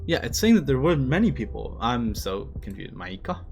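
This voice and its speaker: A man's voice: mid-range voice, very animated, normal speed, a little mellow, faint music behind. A man reading a manga aloud on a live stream, chatting in a rambling, self-deprecating way with lots of fillers. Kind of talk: casual live-stream commentary.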